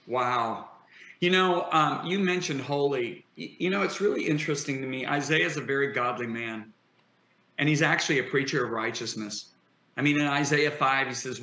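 A man talks like a fervent preacher, emphatic and driving. His voice is bright and forceful. The sound bounces around an echoey room. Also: medium pitch. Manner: emphatic, builds to impassioned declarations. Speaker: guest preacher.

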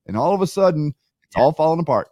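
A man's voice: fairly high pitch, lively intonation, quick pace, warm tone, dry recording, lo-fi sound. A man co-hosting a live talk show, speaking in an emphatic, declamatory way.

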